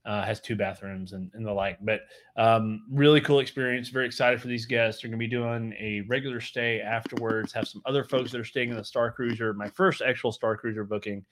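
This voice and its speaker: A man's voice: mid-range voice, fairly even intonation, a little fast, few pauses, fairly bright tone. A man co-hosting a live travel show in casual chat, rambling with many fillers and restarts. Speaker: co-host of a travel podcast.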